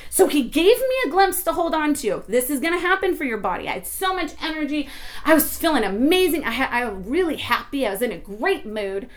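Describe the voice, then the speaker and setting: A woman giving an informal devotional talk, rambling with many restarts and swinging between hushed and excited tones. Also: high-pitched, fairly quick. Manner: rambling, emotional, with frequent restarts. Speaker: Christian teacher.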